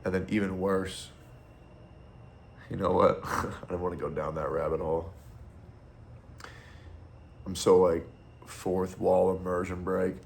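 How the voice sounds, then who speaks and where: Deep gravelly-voiced man ranting bluntly. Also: level tone, unhurried, pauses often, slight background noise. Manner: blunt, profane, opinionated. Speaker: streamer. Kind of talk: casual ranting monologue.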